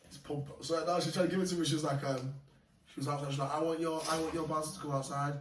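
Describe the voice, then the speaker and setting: A man casually telling animated, slangy stories of fights and bouncer work, laughing often. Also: a little high, rapid-fire. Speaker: podcast guest. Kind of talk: casual storytelling. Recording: echoey room, mic far off, faint noise.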